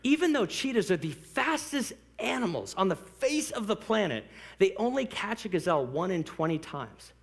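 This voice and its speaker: Lively high-voiced joking male pastor. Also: normal speed, vocal fry, few pauses. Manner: animated and joking, laughs often; conversational, addresses the congregation directly. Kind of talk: sermon.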